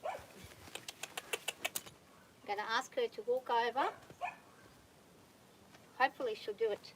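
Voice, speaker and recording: A woman working a nervous horse on a farm, calmly coaxing the animal while explaining each step to viewers. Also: a little high, slow. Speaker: horse trainer. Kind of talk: narrated training vlog. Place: outdoors on a farm on a windy day. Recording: outdoor recording with loud wind noise.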